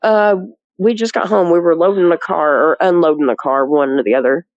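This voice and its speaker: A woman from a rural area, appearing as a guest, tells the story of a sighting in a rambling, chatty way, full of "you know" and laughter. Her voice sits low and she talks fairly quickly. The recording is dry and dull.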